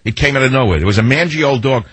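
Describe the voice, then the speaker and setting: A man's voice: mid-range voice, expressive, very fast, fairly bright tone, breathy edge, dry recording, low-quality recording. A man hosting a talk radio show, telling sarcastic stories and mimicking the people in them. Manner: sarcastic, storytelling with mimicked quotes. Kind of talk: monologue to listeners.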